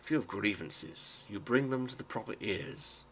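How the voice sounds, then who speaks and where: A man voicing a robed male council official who speaks smoothly and firmly with authority. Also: on the low side, lively intonation, moderate pace, a bit bright, exaggerated voice. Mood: cold, firm. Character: stern male council official in crimson robes.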